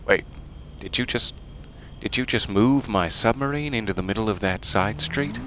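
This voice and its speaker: A man's voice: on the low side, moderate pace, fairly bright tone. A man giving casual, playful gameplay commentary as a game streamer, chatting and joking. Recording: game gunfire noise behind.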